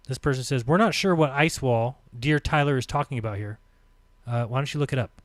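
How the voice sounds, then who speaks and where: A man hosting a live stream, reading comments aloud with sarcastic, mocking remarks between quotes and dropping to a low mutter on short asides. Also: no room sound.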